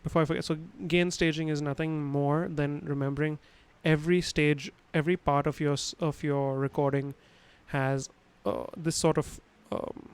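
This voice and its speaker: A man's voice: a little high, flat delivery, moderate pace, few pauses, clear, resonant tone, poor audio. A man teaching a livestream lesson on sound, explaining casually with many fillers and restarts, recorded at home on a studio microphone. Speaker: instructor. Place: his home room.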